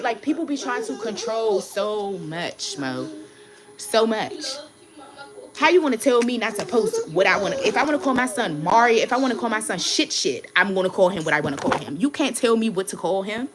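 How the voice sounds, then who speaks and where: A woman's voice: mid-range voice, lively intonation, brisk. A woman, a tarot reader hosting her channel, rants to her viewers in a blunt, heated way, swearing often and repeating herself. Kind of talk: casual ranting vlog.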